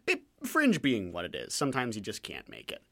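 A man's voice: lowish voice, a little fast, vocal fry. A man co-hosting a casual radio talk show who drifts into digressions and trivia. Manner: animated, digressive, trivia-prone.

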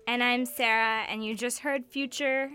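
Young woman, radio co-host, bright forceful voice, fairly high, teasing studio banter. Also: steady tone, clear, resonant tone. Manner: teasing, quick to laugh. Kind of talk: casual radio chat.

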